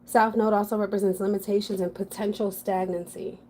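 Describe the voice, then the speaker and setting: A woman's voice: mid-range voice, little pitch movement, brisk, dark tone, a little hiss or hum. Chatty woman giving a frank tarot reading. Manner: frank, chatty, thinking aloud with fillers. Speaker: tarot reader. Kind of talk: casual general tarot reading.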